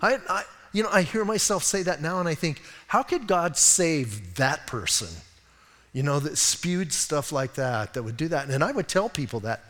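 A man's voice: on the high side, expressive, moderate pace, a bit bright, big-room sound. A man preaching a sermon as pastor, conversational and self-deprecating, telling funny stories about himself. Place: church sanctuary.

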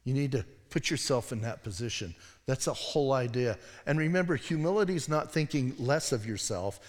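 Animated storytelling pastor in a reverberant hall. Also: male voice, medium pitch, a little fast. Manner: animated, self-deprecating storytelling with sudden quiet asides. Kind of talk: sermon. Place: church sanctuary.

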